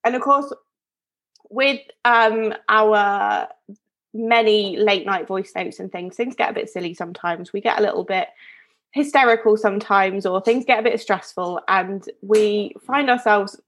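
Speaking a little slowly in a mid-range, fairly bright voice, a woman co-hosts a podcast. She chats her way through a story, rambling, interrupting herself, and laughing a lot.

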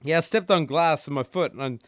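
A man in a casual chat, ranting loudly and swearing freely. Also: fairly high pitch, moderate pace, dry recording, studio quality. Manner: profane, ranting.

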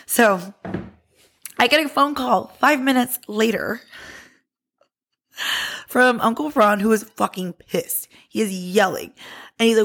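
A woman podcast host telling a personal story in a casual, candid, heavily profane way, animated and lively. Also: on the high side, slow pace, long pauses.

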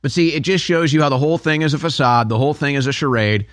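A man's voice: a little high, fast, fairly bright tone, slight background noise. A man hosting a talk radio show, delivering a sarcastic, heated opinion monologue in a studio.

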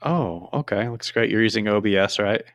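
A man chatting casually on a livestream, with wry, deadpan asides. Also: fairly low pitch, normal speed, no room sound, studio quality.

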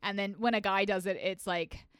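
A young woman co-hosting a casual chat, animated and sing-songy, acting out quotes. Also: mid-range voice, normal speed, clean tone, no echo. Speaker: podcast co-host.

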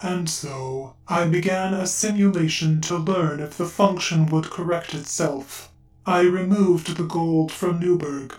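A woman voicing a polite, formal dragon that is really a quantum computer, speaking in a resonant, calming voice. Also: fairly low pitch, unhurried, voice pushed down, natural voice. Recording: roomy echo, distant mic, faint music.

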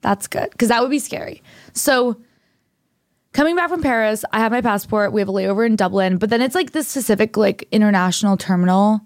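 A woman's voice: mid-range voice, a little fast, dry recording, studio quality. A young woman co-hosting a podcast, rambling through a story in a dramatic, casual way. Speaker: podcast co-host. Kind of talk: casual chat.

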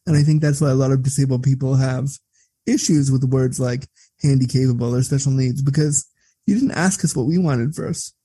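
Candid guest: outspoken, cursing man, husky and mellow, close dry sound. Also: medium pitch, fairly quick, dry recording. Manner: blunt and profane, animated when telling stories. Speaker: interview guest. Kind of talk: candid conversational storytelling.

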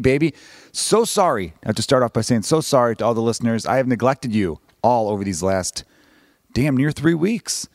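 A man in his thirties, hosting his own podcast as a comedian, talking fast and rambling with casual swearing and self-deprecating asides. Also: mid-range voice, no echo, clean studio sound. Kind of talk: casual solo podcast monologue. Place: home room.

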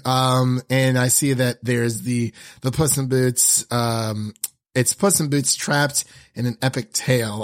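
A man hosting a casual film review chat, hesitant, with many ums and restarts. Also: medium pitch. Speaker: podcast host.

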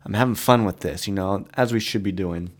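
A man putting on the voice of a smooth late-night radio DJ, low and hushed, crooning his lines. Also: fairly quick. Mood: sultry. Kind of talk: mock radio announcing.

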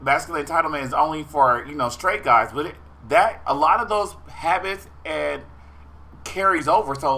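A man talks on a podcast in a thoughtful, explanatory way, pausing and restarting as he works out his point. His voice sits a little high and sounds bright. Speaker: podcast co-host. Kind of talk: casual chat.

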